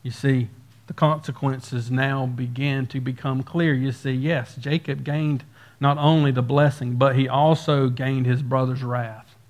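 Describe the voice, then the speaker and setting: A man's voice: mid-range voice, level tone, measured pace. A male pastor preaching an expository sermon, reading verses aloud and explaining them.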